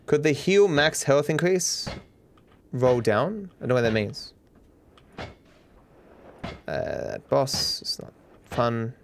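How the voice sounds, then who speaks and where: A man's voice: mid-range voice, big pitch swings, slow, creaky, long pauses, a little hiss or hum. An Australian man livestreaming a game, chatting offhand and answering viewers' questions. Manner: offhand, reads and answers chat. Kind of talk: casual chat while gaming.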